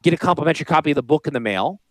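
A man with a Northern US accent hosts a radio talk show as a financial planner. His fairly high voice swoops up and down as he rambles, pitches and jokes. The sound is dry and close. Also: expressive, racing, no echo. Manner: rambling, salesy and joking.

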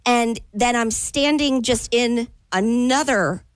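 A woman's voice: fairly high pitch, takes it slowly, no echo. A middle-aged woman telling a story in casual chat, acting out quotes and sound effects and laughing at herself. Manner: animated storyteller, acts out quotes and door sounds; self-mocking, laughs through her story. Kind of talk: casual chat among friends.

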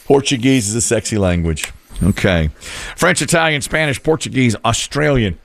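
A man hosting a game on a radio show, with quick announcer patter and the question repeated again and again. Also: mid-range voice, lively intonation, vocal fry, dry recording.

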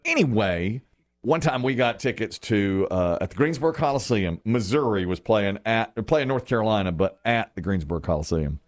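A man co-hosting a morning radio show, telling stories in casual chat and jumping into high voices for quotes. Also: normal speed. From American South. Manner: animated storyteller, jumps to high voices for quotes.

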